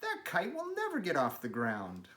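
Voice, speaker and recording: A man's voice: high voice, wildly swooping pitch, normal speed, a bit bright, voice pushed up, full character voice. A man voicing a group of mocking, jeering robins in a storybook reading. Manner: taunting, drawn out. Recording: roomy, echoey room.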